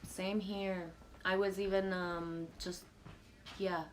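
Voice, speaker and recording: A woman on a live stream at home, reading viewer comments aloud and answering them in a relaxed, rambling way with frequent fillers and soft laughs. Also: on the low side, slow pace, a little hiss or hum. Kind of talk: casual live-stream chat.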